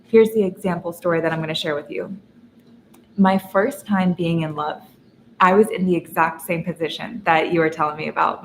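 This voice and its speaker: Earnest young woman coaching, low voice. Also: a little hiss or hum. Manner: earnest, animated storytelling with laughs. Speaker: feminine energy coach. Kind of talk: teaching a masterclass. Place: in Dubai. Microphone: seated while teaching.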